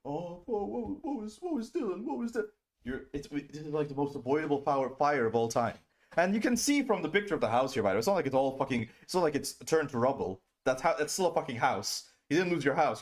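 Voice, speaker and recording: A male streamer in the middle of an angry commentary rant. He curses constantly and sounds openly contemptuous. His voice is ordinary in pitch, but it keeps shooting up high when he mimics the people he mocks. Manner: profane, scornful, mocking whiny impressions. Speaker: streamer host.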